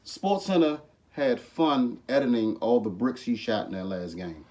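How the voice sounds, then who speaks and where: A man's voice: mid-range voice, very animated, a little slow, warm tone. A man co-hosting a casual sports talk show, blunt and joking, often giving short replies. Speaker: podcast co-host.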